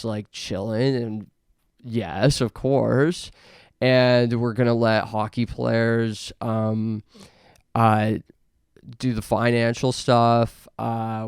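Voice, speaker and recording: A young man from Canada hosting a podcast, rambling through absurd tall tales in a deadpan way, full of fillers. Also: fairly low pitch, clean tone, dry recording, clean studio sound. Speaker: podcast host. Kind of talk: deadpan comedic monologue.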